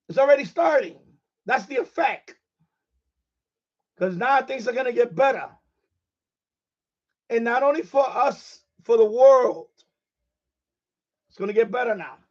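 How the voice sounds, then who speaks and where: High-voiced, boisterous man streaming live. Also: muffled recording. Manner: boisterous, profane, laughs often. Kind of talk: casual live-stream chat.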